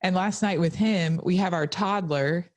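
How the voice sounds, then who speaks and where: A woman's voice: lowish voice, normal speed. A woman in her thirties in casual conversation, chatty and full of filler words. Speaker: podcast co-host. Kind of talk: casual chat.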